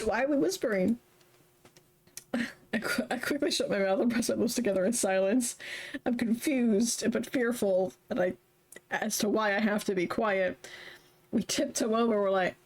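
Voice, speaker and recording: A young woman streamer reading a story game aloud, chatty and quick to laugh between lines. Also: a little high, husky. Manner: chatty, laughs often, reads narration then comments. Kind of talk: reading a visual novel aloud with commentary.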